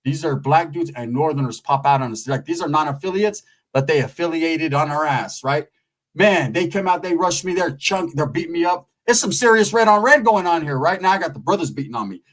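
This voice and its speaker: A man telling a rambling street story in a profane, animated way, tagging his lines with "right?". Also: fairly high pitch, a little fast, low-quality recording.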